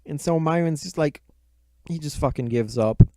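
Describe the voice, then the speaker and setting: Speaking right into a close microphone, a man gives a casual, rambling movie review that retells the plot with heavy swearing and jabs at himself. His voice is on the high side with a dark tone at normal speed, in a dry recording.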